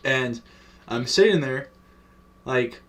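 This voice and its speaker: A young vlogger recounts something from his own life in a casual video, cursing constantly, rambling through plenty of fillers, and chuckling along the way. His mid-range voice is animated and a bit bright, he takes it slowly, and he sounds far from the mic.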